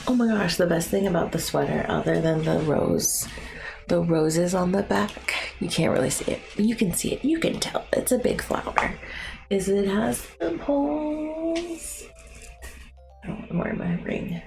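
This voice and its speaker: A woman's voice: fairly low pitch, normal speed, gravelly. A woman in her thirties chatting casually with her live-stream viewers while she paints. She is chatty and self-mocking, and she talks to chat between brushstrokes. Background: soft music.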